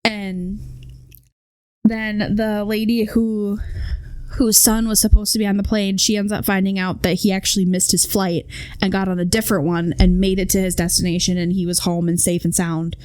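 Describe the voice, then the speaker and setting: A woman's voice: medium pitch, little pitch movement, moderate pace, darkish tone, smooth, no echo. A young woman hosting a podcast, chatting casually and rambling with many fillers. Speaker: podcast host. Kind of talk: casual chat.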